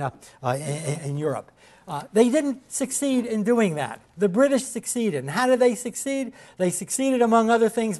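A man delivers a history lecture to a class in a halting, emphatic way. He stumbles through fillers and restarts, then repeats his key points for emphasis. He points to slides and checks in with his listeners as he goes. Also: high-pitched, a little mellow.

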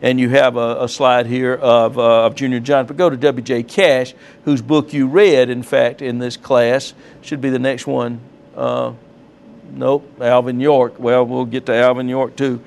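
A man's voice: medium pitch, level tone, a little slow, gravelly. A man giving a classroom lecture with slides, reading from notes and adding casual asides with fillers.

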